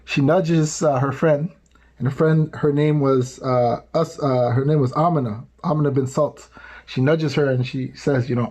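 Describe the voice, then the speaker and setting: A man telling religious stories to tweens in a casual, animated way, checking in with the listeners often. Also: mid-range voice, moderate pace. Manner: casual, animated, tags lines with "right?"; acts out quoted voices. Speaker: youth speaker. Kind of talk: storytelling talk to tweens.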